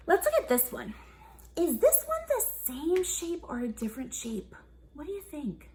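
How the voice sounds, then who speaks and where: A woman's voice: sits high, wildly swooping pitch, normal speed, a little mellow. A young woman teaching a children's music class, upbeat and encouraging, often asking the kids questions. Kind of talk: online kids' music lesson.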